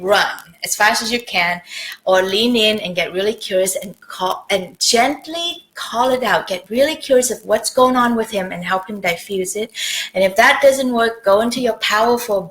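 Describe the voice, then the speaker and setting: A woman dating coach giving chatty, animated advice on a live video stream, swinging between loud and soft. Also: medium pitch, moderate pace, low-quality recording.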